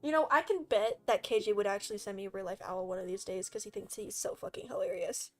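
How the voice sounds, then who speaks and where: A woman's voice: mid-range voice, quick pace, darkish tone. A young woman streaming and chatting casually with friends, talking animatedly, swearing freely and laughing often.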